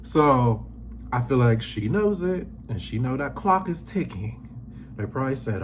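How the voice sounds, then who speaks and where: A man hosting a casual reality TV recap, talking sassy and animated, acting out quotes in high voices. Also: measured pace, background noise. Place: indoors, seated on a squeaky chair.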